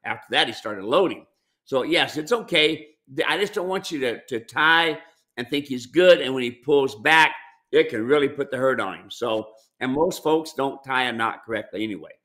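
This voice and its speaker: Folksy middle-aged ranch owner, bright tense tone, chatty live Q&A. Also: male voice, mid-range voice, animated, normal speed. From United States. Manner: folksy, repeats words, addresses "folks". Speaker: mule ranch owner and trainer. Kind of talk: casual live-stream Q&A.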